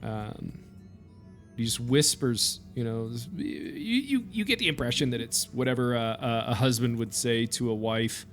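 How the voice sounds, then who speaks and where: A man's voice: mid-range voice, lively intonation, a little slow, soft background music. A man narrating a tabletop game as game master, in a casual, hesitant way with many fillers.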